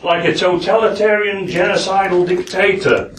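A man with a Yorkshire accent giving a lecture-style speech at a forum. He talks haltingly, with many "uh"s and self-deprecating asides. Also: sits high, fairly even intonation, fairly bright tone, a little hiss or hum. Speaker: guest speaker at a forum. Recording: echoey hall, speaker far from the mic.

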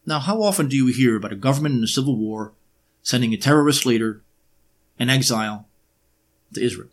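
A man giving a lecture-style monologue, often pausing on fillers and throwing in sarcastic rhetorical questions. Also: mid-range voice, animated. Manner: frequent filler hesitations.

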